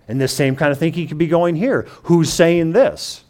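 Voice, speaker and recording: A man teaching a sermon, reading scripture slowly and quietly, then explaining it in his own words with frequent restarts and paraphrased quotes. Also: fairly high pitch. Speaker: preacher.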